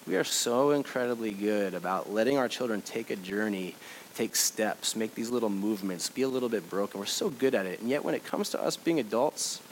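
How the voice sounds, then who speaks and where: A pastor giving a sermon, shifting from loud urging to quiet, conversational reflection. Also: male voice, on the low side, a little fast, a little hiss or hum, low-quality recording. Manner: swings from loud exhortation to soft reflection; conversational storytelling with fillers.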